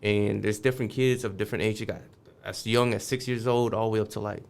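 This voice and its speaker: A man's voice: fairly low pitch, steady tone, fast talker, gravelly. A man guest on a podcast, telling a street story casually, swearing freely and acting out the voices of the people in it.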